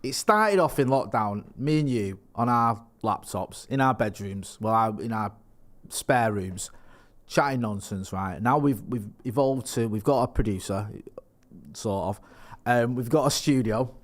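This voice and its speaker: A man co-hosting a podcast reads news reports aloud amid casual, rambling, jokey chat. He sounds animated, with a medium pitch and a measured pace.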